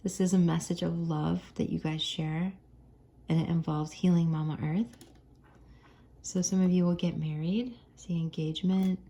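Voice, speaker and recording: American woman, tarot reader, low warm voice, chatty and easygoing with frequent laughs. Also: fairly even intonation, normal speed, creaky. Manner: chatty and gentle, laughs often. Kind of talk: casual tarot reading to viewers.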